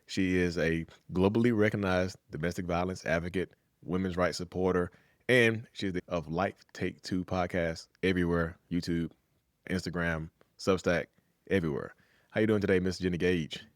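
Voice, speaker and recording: A man's voice: low voice, steady tone, normal speed, no echo, clean studio sound. A man hosting a podcast, introducing his guest and asking questions in a casual, encouraging way. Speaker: podcast host. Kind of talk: casual interview.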